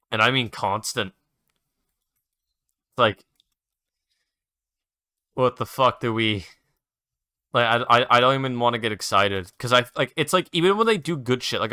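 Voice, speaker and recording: A man's voice: medium pitch, pushed and bright, clear, resonant tone, dry recording, clean studio sound. A young man hosting his own show, ranting and rambling in a casual, exasperated way while playing a game, with lots of swearing. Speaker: host.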